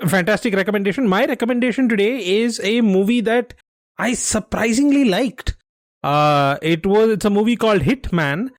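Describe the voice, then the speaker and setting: Male quizmaster, explanatory and teasing, slightly high voice, dry sound. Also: expressive, moderate pace, no echo. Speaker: quiz podcast host. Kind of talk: casual chat.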